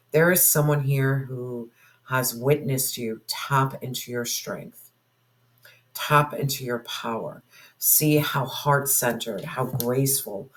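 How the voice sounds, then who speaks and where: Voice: medium pitch, poor audio. A tarot reader giving a spoken reading to viewers, musing aloud and asking spirit questions in an intuitive way.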